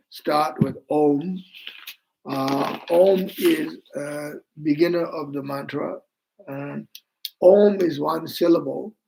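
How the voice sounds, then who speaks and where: A man with a Tibetan accent, a native Tibetan speaker, gives an online Buddhist teaching in a slow, halting way, with many fillers, and chants mantras slowly. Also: on the high side, creaky, dark tone, low-quality recording.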